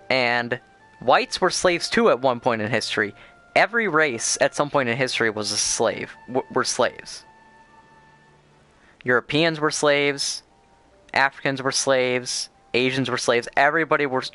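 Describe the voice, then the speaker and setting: A man chats casually while streaming a game, rambling and crude, full of opinions and fillers. His medium-pitched voice is bright and forceful, captured in a dry recording.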